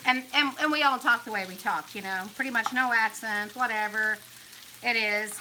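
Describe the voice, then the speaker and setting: A woman's voice: a little high, brisk. Chatty woman cooking over a sizzling pan. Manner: chatty, bubbly, talks to viewers while cooking. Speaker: cooking vlog host. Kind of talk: casual cooking demonstration. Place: home kitchen. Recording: noisy kitchen with sizzling pan. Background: frying and sizzling food.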